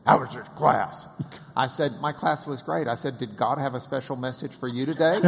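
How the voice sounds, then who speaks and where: Man telling a lively story in a reverberant hall. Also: medium pitch. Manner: animated, acts out quoted voices, laughs often. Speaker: interviewer and storyteller. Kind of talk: casual anecdotal storytelling.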